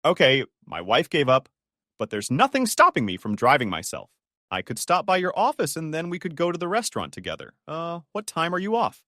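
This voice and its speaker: A man's voice: fairly high pitch, wildly swooping pitch, fairly quick, a bit bright, no room sound, studio quality. A man voicing a young wife who is playful, vain and persistent. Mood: teasing.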